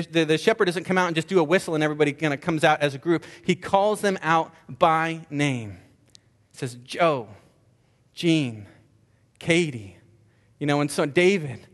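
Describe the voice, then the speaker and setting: A man's voice: fairly high pitch, long reverb tail. A male pastor delivering an earnest sermon, stressing points with repeated rhetorical questions.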